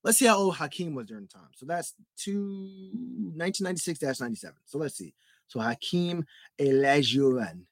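A man's voice: a little high, very animated, quick pace, few pauses, dry recording, faint music behind. A young man hosting a solo sports podcast, rambling and getting heated, full of "like" and "bro". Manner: rambling, heated, repeats himself with lots of "like" and "bro". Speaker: podcast host. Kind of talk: solo sports talk rant.

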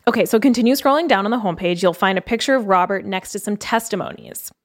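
A young woman co-hosting a chatty podcast. She talks quickly and with a lot of life in her voice, and she often breaks off to read quotes aloud before reacting to them. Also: medium pitch. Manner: animated, fast-talking, reads quotes aloud. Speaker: podcast co-host. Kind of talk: casual podcast chat.

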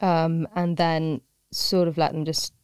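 A woman's voice: deep voice, flat delivery, a little slow, darkish tone, clear, resonant tone, no room sound, clean studio sound. A woman who teaches pottery, chatting casually as a podcast guest in a rambling, self-deprecating way with frequent laughs.

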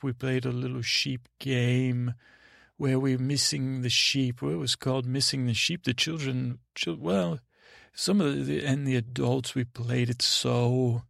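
Creaky-voiced guy rambling a sleepy bedtime tale, dry close sound, lots of stops and restarts. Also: mid-range voice, fairly bright tone, dry recording. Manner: meandering, halting, full of restarts and fillers. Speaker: podcast host and storyteller. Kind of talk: rambling bedtime story narration.

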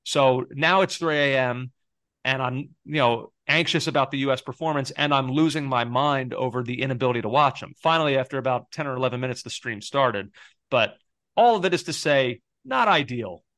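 A man's voice: mid-range voice, brisk, a bit bright, no echo, clean studio sound. Hesitant, earnest man co-hosting a podcast. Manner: earnest, self-deprecating, hesitant. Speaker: podcast co-host. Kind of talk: casual podcast chat.

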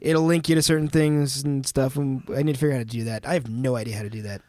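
A man's voice: medium pitch, steady tone, quick pace, warm tone, no room sound, clean studio sound. A man hosting a casual band podcast, rambling and swearing freely as he explains things. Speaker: podcast host and band member. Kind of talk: casual chat.

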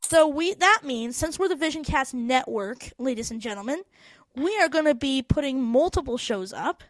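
A woman's voice: high voice, animated, moderate pace, no echo. A woman hosting a casual group chat on a video call, bossy and teasing with her co-hosts. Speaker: podcast host.

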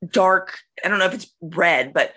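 A middle-aged woman co-hosting a casual chat, teasing her co-host and quick to agree. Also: fairly low pitch, bright, forceful tone. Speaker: podcast co-host.

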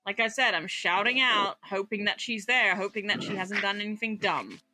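A woman's voice: mid-range voice, moderate pace, bright, forceful tone, no echo. A tired woman playing a tabletop role-playing game, who swears freely and laughs often. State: tired from lack of sleep. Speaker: player. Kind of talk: casual tabletop game play.

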